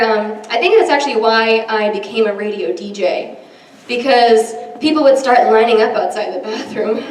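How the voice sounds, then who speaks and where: A woman's voice: fairly high pitch, normal speed, hardly any pauses. A young woman performing a self-deprecating stand-up set, chatty and full of ums, in front of a live audience. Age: young adult. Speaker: stand-up comedian. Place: large hall with a live audience. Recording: echoey hall from far off. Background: audience laughter and room noise.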